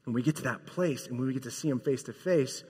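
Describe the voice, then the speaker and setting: A man preaching a sermon, emphatic and casual, swinging from loud bursts to hushed lines. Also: medium pitch, fast, breathy edge. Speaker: pastor. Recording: long hall reverb.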